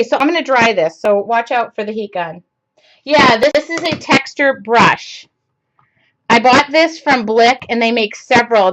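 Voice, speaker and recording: A woman's voice: on the high side, dull audio. A woman hosting a casual live-streamed art lesson, chatting to viewers, greeting them by name and talking to herself as she paints. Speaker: art class host. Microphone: computer mic on a live stream.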